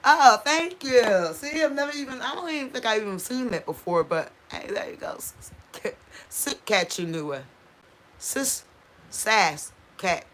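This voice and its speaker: A woman's voice: sits high, animated, moderate pace. A woman hosting a casual livestream, chatting with viewers and reading out their comments, tripping over unfamiliar place names. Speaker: channel host.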